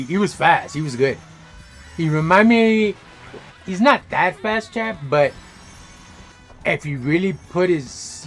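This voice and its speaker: A man streaming a game, telling stories in a casual, animated way, full of slang and swearing. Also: on the high side. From Los Angeles area. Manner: animated, slangy, swears freely, laughs loudly. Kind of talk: casual storytelling chat while gaming.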